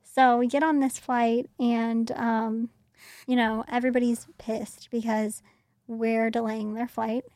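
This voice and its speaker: A woman's voice: fairly high pitch, level tone, unhurried, darkish tone, no room sound, clean studio sound. A young woman telling a personal story in a casual, conversational way, full of "like" fillers. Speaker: interview guest.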